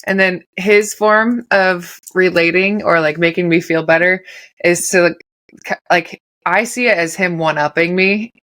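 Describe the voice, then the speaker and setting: A woman's voice: on the low side, steady tone, unhurried, fairly bright tone. A pregnant woman co-hosting a podcast, telling stories in casual chat and laughing often. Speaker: podcast co-host.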